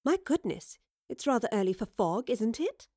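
A woman's voice: a little high, sing-song, moderate pace, warm tone, no room sound, clean studio sound. Prim period lady, formal and stern about manners, read by a woman narrator.

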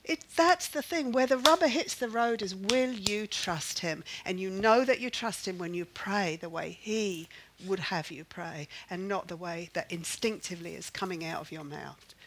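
A woman's voice: medium pitch, moderate pace, a little hiss or hum, rough recording. An older woman leading a Bible study, teaching in an earnest, emphatic way and repeating phrases to drive her point home.

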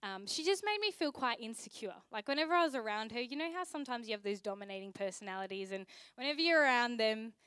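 A woman's voice: on the high side, lively intonation, fast, few pauses, fairly bright tone, smooth, no room sound. A young adult woman pastor, preaching a sermon in a conversational, chatty way with asides.

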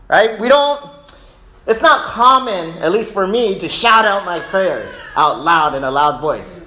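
Male preacher, a bit high-pitched, conversational sermon delivery, reverberant room sound. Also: lively intonation, measured pace. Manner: conversational, keeps asking "right?"; rises loud and high acting out cries of prayer. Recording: echoey room.

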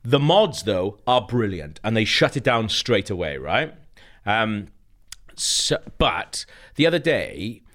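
A man's voice: on the low side, sing-song, slow, fairly bright tone. A young man co-hosting a casual comedy chat, rambling with lots of laughs and teasing asides. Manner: rambling, laughs often, stirs the pot. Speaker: podcast co-host.

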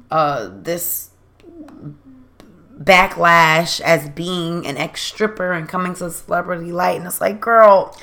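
A woman's voice: on the low side, creaky, fairly bright tone. A woman co-hosting a casual chat, blunt, emphatic and freely profane.

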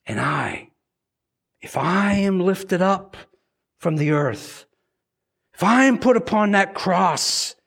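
A man with a fairly high voice preaching a sermon. He talks earnestly and often repeats words as he drives each point home.

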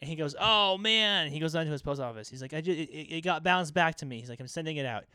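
Guy cohosting a podcast, kinda high voice, animated storyteller, swears a lot, dry close mic. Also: racing, smooth, no room sound. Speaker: podcast co-host. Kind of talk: casual chat.

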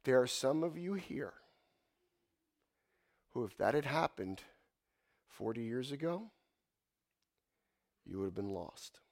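A man in his fifties preaching a sermon in a church, animated, swinging from loud exclamations to hushed asides. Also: medium pitch, slow, pauses often. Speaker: pastor.

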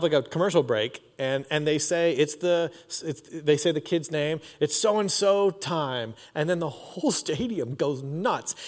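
A man in his forties delivers a sermon in a high voice. He keeps it casual and slangy, full of "like" and "dude," as if chatting with friends. The long reverb of a large church auditorium trails after every phrase. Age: 40s. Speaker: pastor.

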